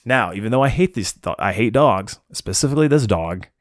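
A young man casually telling a personal story on a podcast, animated and self-mocking, acting out the people he quotes. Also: on the low side, fairly quick, no echo, studio quality.

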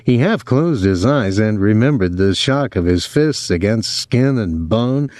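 A man's voice: on the low side, expressive, unhurried, darkish tone, no echo, studio quality. A man reading a novel aloud as an audiobook narrator, giving each character a voice.

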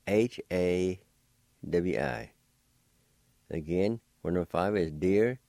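A middle-aged man hosts a radio language lesson, spelling out each word letter by letter. His voice sits very low and mellow, and he takes his time. The sound is close and dry, as from a radio studio. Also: vocal fry, dry recording. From Oklahoma. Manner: slow, deliberate, spells and sounds out words syllable by syllable. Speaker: radio host teaching vocabulary.

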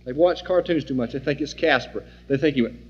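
A man teaching an informal sermon, folksy and animated, acting out the scenes he describes. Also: mid-range voice, brisk, husky. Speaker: Bible teacher. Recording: dull lo-fi recording in a reverberant hall.

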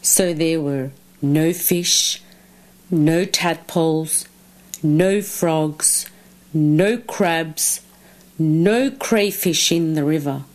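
A woman reading a children's story aloud with slow, expressive, drawn-out phrasing. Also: deep voice.

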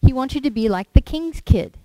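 A woman's voice: high-pitched, lively intonation, brisk, dark tone, dry recording, poor audio. Woman giving a conversational sermon. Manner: conversational, with rhetorical questions and acted quotes. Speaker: lay preacher.

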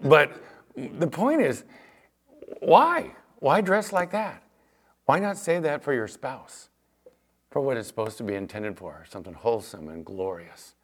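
Middle-aged male pastor, sermon delivery, animated storyteller who acts out quotes, mid-pitched voice. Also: measured pace.

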